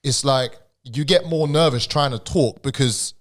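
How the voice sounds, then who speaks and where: A young man with a stammer, talking as a guest on a podcast in a casual, halting way with slang. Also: mid-range voice.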